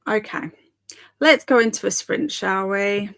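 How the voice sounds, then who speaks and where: A woman's voice: mid-range voice, unhurried, gravelly. A young woman hosting a live stream, chatting casually and reading viewer comments aloud in a giggly, bemused way. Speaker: livestream host.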